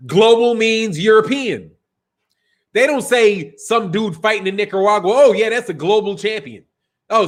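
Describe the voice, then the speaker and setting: A man's voice: high voice, fairly bright tone. A man hosts a casual boxing livestream. He talks loosely and profanely, laughing often. He breaks off to read out super chats. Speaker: boxing channel host.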